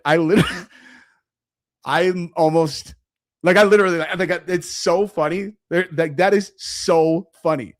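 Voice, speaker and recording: A man live-streaming commentary in a rambling, animated, sarcastic way. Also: on the high side, a little slow, no room sound, studio quality.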